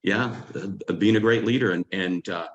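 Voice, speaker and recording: A man from Louisiana, hosting a team call in a relaxed way, with many fillers and restarts. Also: fairly low pitch, moderate pace, dull audio. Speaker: host.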